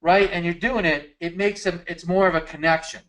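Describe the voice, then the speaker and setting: Brief: man, slightly high voice, relaxed explainer, chatty. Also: brisk, a crowd in the background, low-quality recording. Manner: relaxed, explanatory, frequent fillers. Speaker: co-host of a marketing training. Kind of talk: casual coaching talk.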